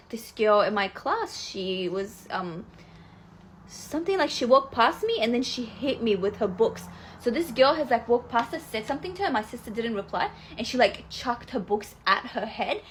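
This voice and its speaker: A woman's voice: on the high side, lively intonation, a little hiss or hum. A young woman telling a personal story to camera in a chatty, filler-heavy way. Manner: chatty, fast, full of "like" fillers. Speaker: vlogger.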